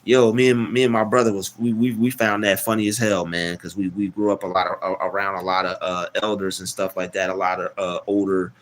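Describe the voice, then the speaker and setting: A man hosting a casual live stream, rambling, repeating words and giving shout-outs to chat. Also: low voice, little pitch movement, brisk, hardly any pauses, a little hiss or hum.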